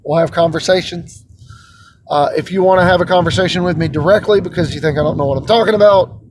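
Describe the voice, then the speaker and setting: A man's voice: high voice, fast, a little mellow, a little hiss or hum. A man hosting his channel, chatting casually and rambling a little, with a self-deprecating streak, recorded inside a car. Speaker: host. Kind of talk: casual vlog chat.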